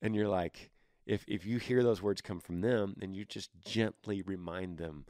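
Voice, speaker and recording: Male podcast host, low-pitched and earnest, casual advice delivery in a dry, close sound. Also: normal speed, no echo. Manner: earnest, gently persuasive. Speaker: podcast host answering listener questions.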